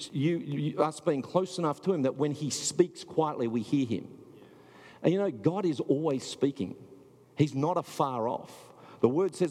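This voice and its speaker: Husky guy preaching, rambly and conversational, big echoey hall. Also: mid-range voice, mellow. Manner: conversational preaching with filler words and restarts. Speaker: pastor. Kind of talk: sermon.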